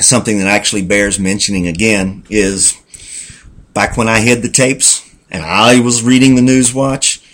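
Speaking in a somewhat low, slightly bright voice, this man offers a personal testimony as a church member. He rambles in folksy, storytelling fashion, earnest and reflective, calling himself "Self" as he talks.

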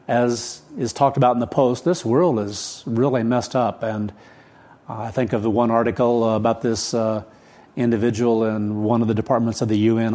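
An older man in his seventies delivers a sermon at a hurried, adrenaline-charged clip. He rambles, restarts his sentences and circles back, sounding keyed up. His voice sits at an ordinary middle pitch for a man. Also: dark tone. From United States. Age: 70s. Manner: rushed, rambling, restarts often. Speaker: pastor. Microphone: camera set up for recorded service.

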